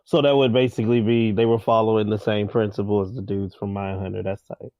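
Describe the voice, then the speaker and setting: A man's voice: fairly low pitch, flat delivery, fast, no room sound, dull audio. A man co-hosting a podcast in casual chat, rambling, joking and swearing. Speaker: podcast co-host.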